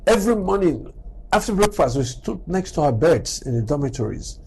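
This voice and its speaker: A middle-aged man delivers a motivational talk on everyday manners. His voice sits a little high and swings widely in pitch as he acts out little exchanges and peppers listeners with rhetorical questions. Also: fairly quick, creaky, slight background noise, rough recording. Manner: animated storyteller, acting out quoted exchanges and firing rhetorical questions. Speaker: doctor giving a life-advice talk.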